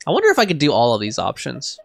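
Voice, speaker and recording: A man's voice: medium pitch, huge pitch swings, rapid-fire, vocal fry, no room sound, clean studio sound. A man giving casual let's-play commentary, rambling with lots of fillers. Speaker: gameplay commentator.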